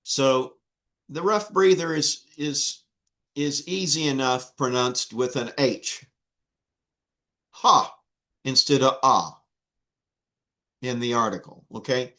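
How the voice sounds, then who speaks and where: A man's voice: mid-range voice, steady tone, a little slow, fairly bright tone. A man teaching an online Greek class, patient and repeating himself with many fillers. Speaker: Greek instructor.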